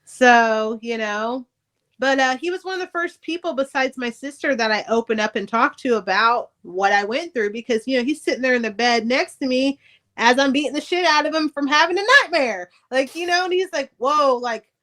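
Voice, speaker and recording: Middle-aged woman guest, candid storyteller, swears freely, lively retelling, slightly high voice. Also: normal speed. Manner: candid, profane, animated retelling. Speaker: podcast guest, author. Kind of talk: casual storytelling interview.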